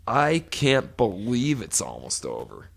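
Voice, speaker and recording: A man's voice: on the low side, huge pitch swings, slow pace, gravelly. A man in his forties co-hosting a podcast, telling a long profane story in casual chat. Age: 40s. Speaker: podcast co-host.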